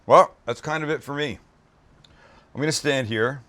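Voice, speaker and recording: A man's voice: medium pitch, moderate pace, fairly bright tone. A man hosting a casual cooking show. He gushes over the food with exclamations and chats with his crew as he builds a dish. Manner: gushing, exclamatory praise of food; chatty asides to crew.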